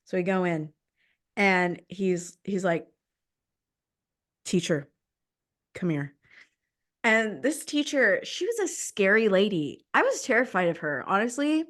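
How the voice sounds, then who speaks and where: A young woman hosting a podcast, telling a personal story in an animated, dramatic way. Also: medium pitch, moderate pace. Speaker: podcast host. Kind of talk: casual storytelling chat.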